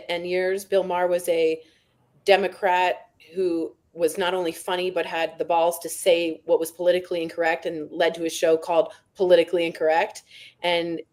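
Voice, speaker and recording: A woman's voice: on the low side, a little mellow. A woman co-hosting a comedic news podcast, candid and sarcastic in casual chat. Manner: candid, sarcastic, quick to laugh. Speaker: podcast co-host.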